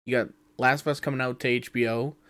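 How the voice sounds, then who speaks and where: A man's voice: medium pitch, fairly even intonation, fast talker, a bit bright, no room sound, clean studio sound. A man co-hosting a podcast in casual chat, reading out listener questions and answering in a laid-back way.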